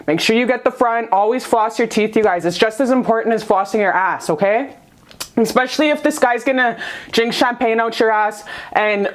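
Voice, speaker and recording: A woman giving a casual tarot reading to camera, gushing and bubbly, swearing freely and laughing often. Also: on the high side. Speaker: tarot reader.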